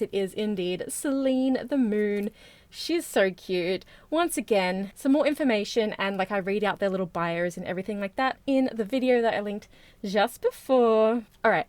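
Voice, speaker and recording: A woman hosting a casual haul vlog, bubbly and chatty, talking fast and gushing over her finds. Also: medium pitch, no echo. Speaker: plush collecting vlogger.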